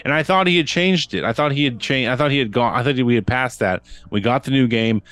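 A man's voice: mid-range voice, brisk, fairly bright tone, no echo, faint music behind. A man and father on a podcast, chatting casually and rambling with lots of fillers and restarts. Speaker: podcast co-host. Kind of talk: casual chat.

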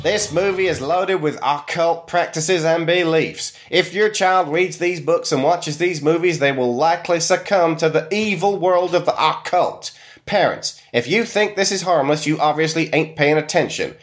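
A man's voice: on the high side, normal speed, soft background music, voice pushed up, close to an everyday voice. A man voicing an outraged, preachy male reviewer in a put-on American Southern accent. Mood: outraged preaching. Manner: alarmed, preachy.

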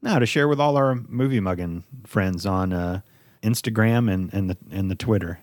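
A man's voice: lowish voice, moderate pace, dry recording, studio quality. A man co-hosting a casual movie review podcast, talking in a chatty, playful way and swearing casually. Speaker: podcast co-host presenting the movie.

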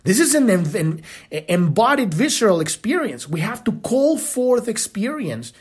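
A man with a slightly husky voice delivers a spiritual teaching on his podcast. His pitch rises and falls in lively swoops as he talks. He sounds impassioned but casual, and he swears bluntly. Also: moderate pace. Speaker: podcast host.

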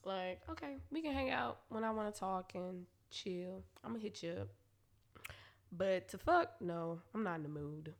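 A woman's voice: mid-range voice, moderate pace. A woman, candidly telling a profane story to her listeners, often laughing. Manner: profane, laughing, animated retelling.

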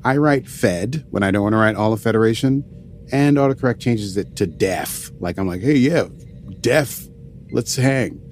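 A man's voice: fairly low pitch, fairly quick, faint music behind. A man co-hosting a casual podcast and recapping an episode, joking around and slipping in and out of playful put-on voices. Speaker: podcast co-host.

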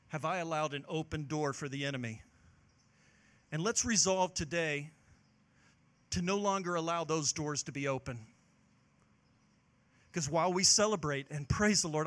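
A male pastor delivers a sermon in a high, bright, forceful voice. He preaches with passion, swinging between loud calls to action and quiet, earnest moments. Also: moderate pace, long pauses.

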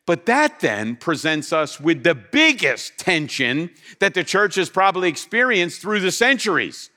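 A man preaching a sermon to a congregation, animated and emphatic, acting out the scripture he quotes. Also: sits high. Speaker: pastor. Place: church with slides.

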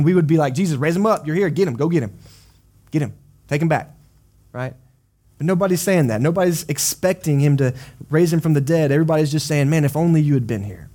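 A man's voice: a little high, a little mellow. A man preaching a sermon as a pastor. He explains scripture in a conversational way, with casual asides, and acts out quoted voices of people. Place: church service.

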